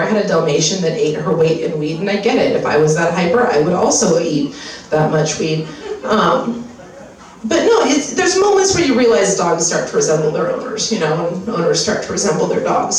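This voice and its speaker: A woman doing a crude, animated stand-up comedy set, acting out voices in her stories. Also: fairly low pitch, a little fast, distant mic. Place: live comedy club. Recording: echoey room, mic heard from afar.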